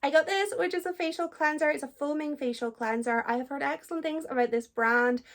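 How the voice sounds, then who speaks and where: A young Scottish woman chatting casually in a book vlog, self-deprecating and quick to laugh. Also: high-pitched. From Scotland. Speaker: book vlogger.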